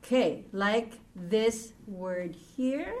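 Slow, patient woman teaching a class. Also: medium pitch, expressive, darkish tone. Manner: patient, repeats words for students, slow and deliberate. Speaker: Hebrew teacher.

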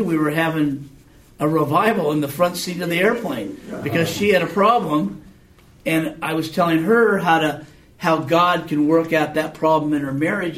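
A man teaching a Bible class in a casual, conversational way, often checking in with his students through questions. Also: fairly high pitch. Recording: echoey room, mic far off.

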